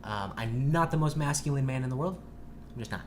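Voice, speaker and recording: A man's voice: medium pitch, brisk. Young male podcast co-host, profane rambling storyteller, faint room hum. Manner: rambling, profane, animated retelling. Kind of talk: casual storytelling chat.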